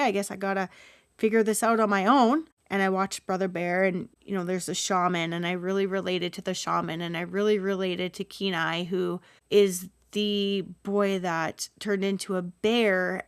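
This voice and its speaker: A woman's voice: mid-range voice, a bit bright, clear, resonant tone, no room sound, clean studio sound. Earnest woman telling a rambling personal story. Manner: earnest, emotional, rambling with asides. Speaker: podcast host and Reiki healer. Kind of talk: solo spiritual podcast monologue.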